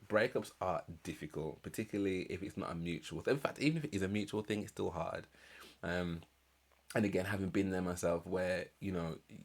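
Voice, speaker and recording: Low-voiced man musing aloud. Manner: reflective, rambling, many fillers and restarts. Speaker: reaction channel host. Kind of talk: casual reaction commentary.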